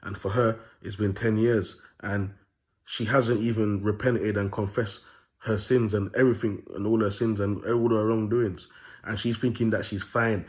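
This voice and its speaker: A man's voice: lowish voice, fairly even intonation, moderate pace, darkish tone. A young man delivering an unscripted monologue as a self-styled prophet, talking raw and bold in street slang with rambling repeats.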